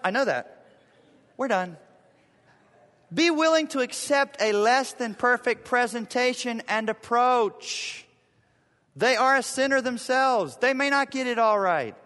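A high-voiced male pastor preaches with a lively, swooping delivery, jumping into little character voices for the people he quotes. His words ring out with the long reverb of a big church hall. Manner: animated, acts out quoted people in shifting voices. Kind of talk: sermon. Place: church sanctuary.

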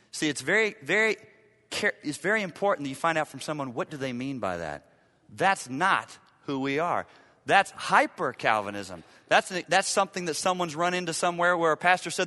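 A man preaching a sermon as pastor, emphatic, repeating key lines and swinging from loud to hushed. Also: on the high side, very animated, moderate pace, long reverb tail.

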